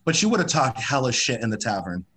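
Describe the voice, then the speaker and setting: A man's voice: medium pitch, big pitch swings, fast, fairly bright tone, husky. A man co-hosting a casual podcast chat, teasing his friend and swearing freely while sharing history facts. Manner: teasing, profane, storytelling. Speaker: podcast co-host.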